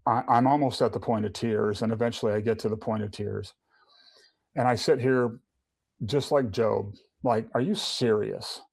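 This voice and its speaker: Guest testimony: middle-aged man, low gravelly voice, earnest, restarts a lot. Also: steady tone, normal speed, darkish tone, no room sound. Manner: earnest, with many restarts and repeated words. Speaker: podcast guest. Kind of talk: personal testimony in casual conversation.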